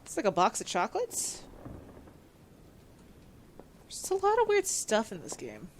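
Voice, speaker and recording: Woman, streamer, casual gameplay chat, excitable, slightly high pitch, faint background noise. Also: a little slow, pauses often. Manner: excitable, chatty, reads on-screen text aloud.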